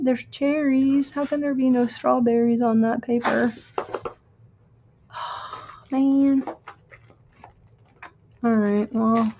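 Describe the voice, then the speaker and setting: A woman chatting casually as she crafts on a stream, thinking out loud and reading quotes slowly. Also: fairly high pitch, creaky, lo-fi sound, slight background noise. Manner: thinks aloud, muttering to herself; reads quotes slowly and deliberately. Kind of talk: casual craft-along chat.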